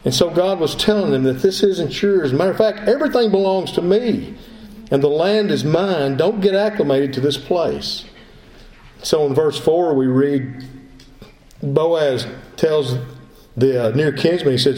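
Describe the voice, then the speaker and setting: A man's voice: fairly high pitch, measured pace, darkish tone. A male pastor preaching a sermon, emphatic, repeating his phrases as he builds his point. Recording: echoey room.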